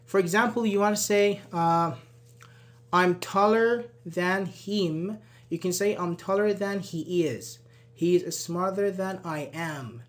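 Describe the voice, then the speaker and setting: A male English teacher leading a live online grammar class, patiently explaining and repeating example phrases while answering viewers' comments by name. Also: high voice.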